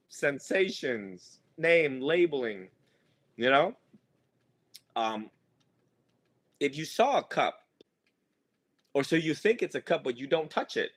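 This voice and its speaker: A man teaching students in a loose, joking way, rambling and laughing as he goes. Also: fairly high pitch. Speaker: monk teacher. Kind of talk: casual teaching talk.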